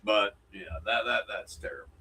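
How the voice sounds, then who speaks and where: Folksy man, bright husky voice. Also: fairly low pitch, steady tone, moderate pace, rough recording. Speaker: co-host. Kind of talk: casual podcast chat reading fan mail.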